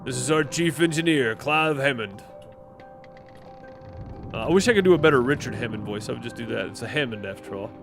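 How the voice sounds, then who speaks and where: A man's voice: medium pitch, fairly quick, gravelly, long pauses, music in the background. A man hosting a let's play, reading game text aloud and commenting, self-deprecating and stumbling over words. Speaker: gaming channel host.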